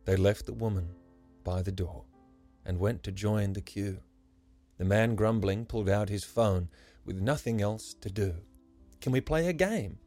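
Man reading a rhyming story, low-ish voice, soft music under it. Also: flat delivery, a little slow. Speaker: podcast storyteller. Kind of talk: scripted rhyming narration. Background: soft instrumental music.

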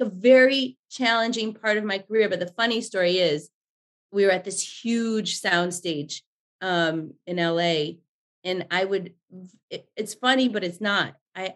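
A woman in her forties, a podcast guest, telling stories in a lively, chatty way and swearing freely. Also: mid-range voice. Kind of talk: casual storytelling chat.

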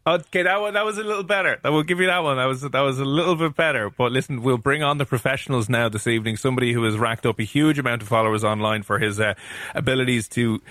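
A man co-hosts a radio podcast with a teasing, jokey manner. His voice sits at an ordinary mid pitch, recorded close and dry in the studio. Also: fast, hardly any pauses, fairly bright tone, no echo. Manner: joking, teasing, mock-ranting. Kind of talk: casual banter and interviewing.

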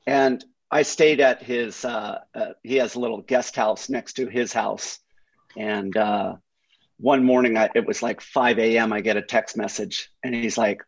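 Animated storytelling man, lo-fi audio. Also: medium pitch, moderate pace. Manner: animated storyteller who acts out friends' lines. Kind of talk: casual chat, telling anecdotes. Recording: slightly dull, lo-fi audio.

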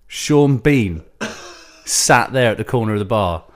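A man's voice: on the low side, lively intonation, takes it slowly. A man co-hosting a casual comedy podcast, telling stories, laughing often and acting out other people's lines. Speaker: podcast co-host.

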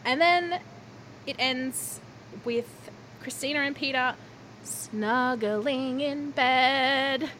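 A woman's voice: high-pitched, extremely slow, a bit bright, slight background noise. A woman co-hosting a podcast, giggly and teasing in casual chat. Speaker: podcast co-host. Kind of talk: casual chat recapping a reality show.

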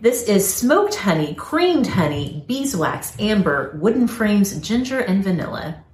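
A woman's voice: mid-range voice, big pitch swings, measured pace, a little mellow, echoey room. A woman co-hosting a podcast in casual chat, chatty and enthusiastic, laughing often. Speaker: podcast co-host.

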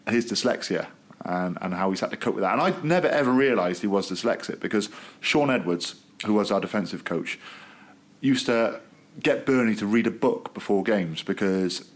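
Male co-host, lowish voice, easy storyteller who laughs at his own jokes. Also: moderate pace. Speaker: podcast co-host, former rugby player. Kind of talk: casual chat.

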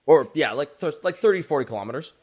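Animated man running a tabletop game. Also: fairly high pitch, quick pace, breathy edge. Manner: animated, filler-heavy, casual. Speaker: game master.

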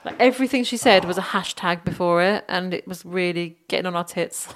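A woman's voice: on the low side, fairly quick, a little hiss or hum. Woman, podcast co-host, casual chat, giggly, teasing, recorded at home. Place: home with a dog nearby.

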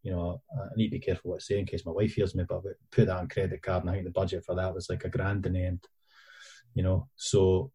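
Scottish male filmmaker, low, husky and very mellow, rambling and self-deprecating. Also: monotone, fast talker. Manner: rambling, self-deprecating storyteller with many fillers. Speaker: independent filmmaker and editor. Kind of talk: casual podcast chat.

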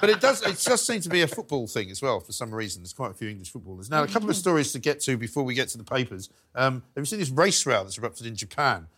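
A man's voice: mid-range voice, sing-song, fast, hardly any pauses, fairly bright tone. A middle-aged male talk show host telling anecdotes in a chatty, casual studio conversation.

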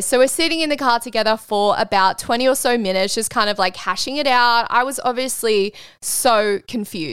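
A woman in her twenties with an Australian accent, hosting a podcast and telling a personal story in a frank, animated way, swearing freely. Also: mid-range voice, clean tone, dry recording, clean studio sound. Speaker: podcast host. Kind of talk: casual storytelling monologue.

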